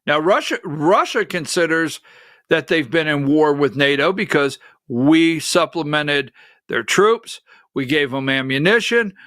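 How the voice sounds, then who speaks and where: A middle-aged man hosting a political commentary livestream, ranting with fiery profanity and shouted outbursts. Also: on the high side, lively intonation, a little slow, no room sound, studio quality. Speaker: political commentary show host.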